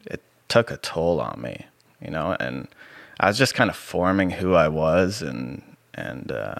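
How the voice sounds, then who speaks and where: Very deep, soothing-voiced man. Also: unhurried, creaky, dry recording. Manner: relaxed, rambling, many fillers. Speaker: podcast guest. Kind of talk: casual personal testimony.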